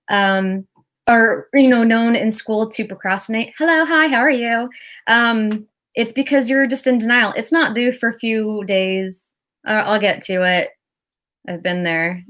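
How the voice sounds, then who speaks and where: Chatty woman explaining feelings. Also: fairly high pitch. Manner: chatty, explanatory, acts out short quoted voices. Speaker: self-help livestreamer. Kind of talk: casual livestream talk.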